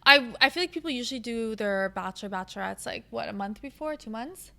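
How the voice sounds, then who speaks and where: A young woman with a slightly high voice, co-hosting a podcast. She talks in an upbeat, chatty way and fills her speech with "like". The tone is a relaxed chat between friends. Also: fast, gravelly. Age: young adult. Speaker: podcast co-host. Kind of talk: casual chat.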